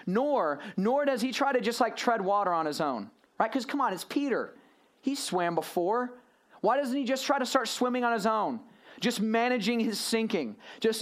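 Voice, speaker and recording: A male pastor preaching a sermon to a room of listeners, animated and full of rhetorical questions, moving between hushed and raised delivery. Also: sits high, normal speed. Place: church or youth gathering room.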